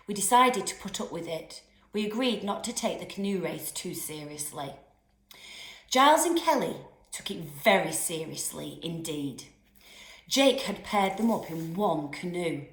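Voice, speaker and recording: A primary school teacher reads a children's novel aloud in a roomy, echoey room. Her fairly low voice carries expressive storytelling, with lively character voices.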